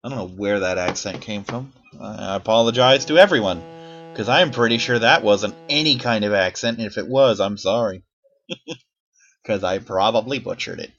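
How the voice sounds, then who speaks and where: A man's voice: on the low side, moderate pace, fairly bright tone, dull audio. A man rambling through casual gameplay commentary as a YouTuber, swearing freely and poking fun at himself. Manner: rambling, profane, self-deprecating.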